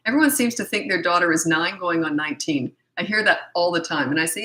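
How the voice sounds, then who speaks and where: A woman's voice: lowish voice, fast talker, pushed and bright. A middle-aged woman with a scratchy throat, giving no-nonsense parenting advice in a casual question-and-answer session. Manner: blunt, no-nonsense, matter-of-fact.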